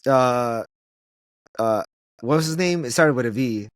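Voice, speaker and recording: A man in casual movie chat, animated and slangy, laughing often as he talks. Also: medium pitch, measured pace, dry recording, clean studio sound.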